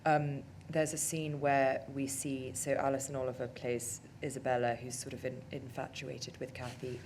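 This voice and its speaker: A woman's voice: a bass voice, flat delivery, moderate pace, darkish tone, slight background noise. A woman film director talking in an on-stage interview, chatty and self-deprecating, with lots of fillers. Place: on stage at a cinema talk event.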